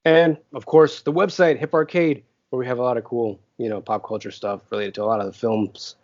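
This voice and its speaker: A man's voice: mid-range voice, steady tone, brisk, darkish tone, dry recording, highs cut off. A man co-hosting a podcast, rambling through a casual chat with many fillers. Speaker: podcast co-host.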